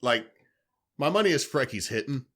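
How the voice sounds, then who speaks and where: A man, telling animated stories on a podcast, swearing freely. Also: medium pitch, normal speed. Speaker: podcast co-host. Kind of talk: casual storytelling chat.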